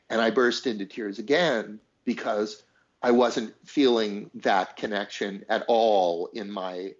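Animated male storyteller, dull lo-fi sound. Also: fairly low pitch. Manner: animated storyteller, acts out quoted voices, laughs. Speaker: songwriter guest. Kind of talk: conversational storytelling.

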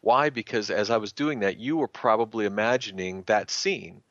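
A man, a sports writer and guest, telling anecdotes in a casual, animated way and slipping into the voices of the people he quotes. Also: fairly low pitch, moderate pace, no echo, lo-fi sound. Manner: animated storyteller who acts out quotes.

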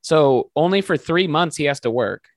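A man's voice: on the high side, lively intonation, moderate pace, dry recording, clean studio sound. Eager, profane young man chatting. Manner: enthusiastic, profane, jumps in often. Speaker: podcast co-host. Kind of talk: casual chat.

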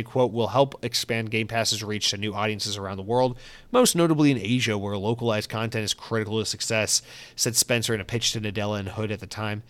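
A young adult man hosting a solo news podcast at a medium pitch. He reads the headlines, then breaks into animated, profane asides and comic tangents. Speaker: podcast host.

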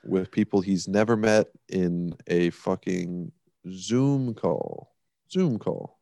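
A man with a very low, gravelly voice talks sports bluntly and emphatically. He swears and adds dry sarcasm. The sound is close and dry. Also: animated, slow, dark tone, no room sound. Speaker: podcast co-host. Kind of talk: casual sports chat.

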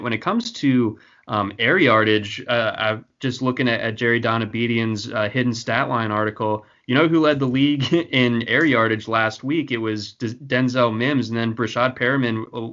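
A man's voice: medium pitch, fairly bright tone, highs cut off. A man hosting a casual sports podcast, talking with frequent restarts and fillers. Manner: hesitant, many restarts and fillers. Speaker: podcast host. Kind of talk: casual fantasy football chat.

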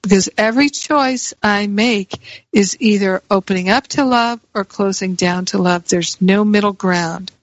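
A woman's voice: mid-range voice, no echo. A woman giving a reflective spiritual teaching talk, repeating key phrases for emphasis. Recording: dry, slightly muffled recording.

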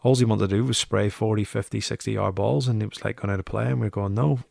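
A man's voice: fairly low pitch, fairly even intonation, fast, creaky, darkish tone, no echo, clean studio sound. A man who used to be a goalkeeper, telling football stories in a chatty, anecdotal interview, often repeating himself. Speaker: former goalkeeper, interview guest. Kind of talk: casual storytelling interview.

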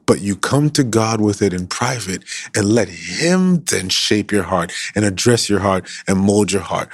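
A man preaching an impassioned sermon, repeating phrases and building from soft to loud. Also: on the low side, lively intonation, brisk, vocal fry, hardly any pauses, no room sound, clean studio sound.

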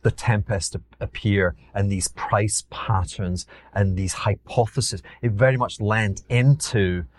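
A Scottish man with a Glaswegian accent tells his stories as an interview guest, his voice sitting low and sounding dry and close. He rambles, circles back and repeats words before landing his point. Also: fairly even intonation, a little slow, hardly any pauses, no room sound. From Scotland. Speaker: guest, investor. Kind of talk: casual interview storytelling.

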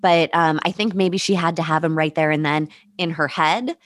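A woman co-hosting a casual advice podcast, blunt and quick to laugh, swearing freely. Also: low-pitched, steady tone, dry recording. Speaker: podcast co-host.

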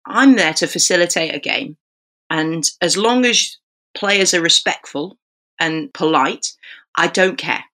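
Woman referee, podcast guest, bright forward tone, animated storyteller. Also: deep voice. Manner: chatty, animated storytelling with acted quotes. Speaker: football referee.

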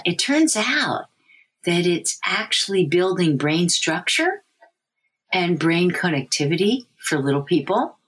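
A middle-aged woman researcher explains how babies learn language, her low-set voice slightly husky. She speaks slowly and lets her pitch swing widely, animated and expressive. In her examples she slips into a high sing-song voice. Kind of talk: interview answers.

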